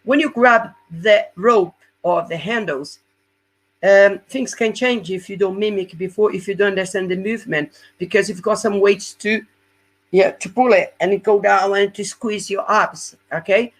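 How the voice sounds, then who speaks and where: Husky-voiced male fitness coach with non-native English, walking through exercises step by step in a live webinar and checking in often. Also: sits high, moderate pace.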